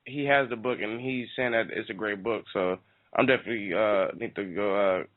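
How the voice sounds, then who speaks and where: A man's voice: on the low side, fairly even intonation, fairly quick. A man hosting a wrestling talk show, chatting casually and hesitantly, with many fillers and some slang. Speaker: radio show host. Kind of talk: casual interview chat. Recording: tinny phone-like sound.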